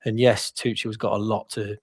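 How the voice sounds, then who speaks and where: A man's voice: fairly low pitch, level tone, moderate pace, breathy edge, dry recording. A man co-hosting a football podcast, telling stories in a rambling, self-deprecating way. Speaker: podcast co-host. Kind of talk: casual chat.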